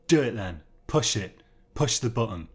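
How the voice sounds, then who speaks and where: A man's voice: medium pitch, animated, normal speed, close to an everyday voice. A man voicing a crude, aggressive male prisoner who talks in coarse slang and threats. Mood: taunting.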